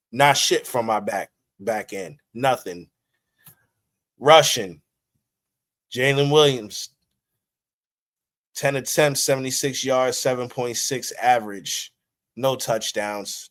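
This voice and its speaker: A man hosting a sports talk show, ranting emotionally after his team's loss, swearing, and reading out game stats. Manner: heated, swings between low mutters and high shouted outbursts, swears freely; reads stats in a flatter, steadier tone. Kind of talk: emotional post-game fan rant.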